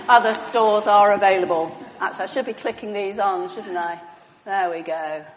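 A woman's voice: medium pitch, moderate pace, highs cut off, noisy background. Chatty woman preaching, echoey church. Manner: chatty, self-deprecating, asks the congregation questions. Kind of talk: all-age sermon with props.

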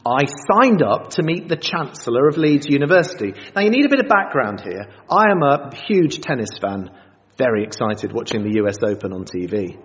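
A man, preaching a sermon, telling stories in an animated and self-mocking way. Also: mid-range voice, fairly quick. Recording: dull sound in a reverberant hall.

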